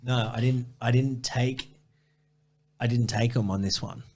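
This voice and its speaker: A man's voice: medium pitch, fairly even intonation, a little slow, darkish tone, husky. A man telling a long running story in a casual interview, rambling and swearing, with many restarts. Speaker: ultrarunner guest.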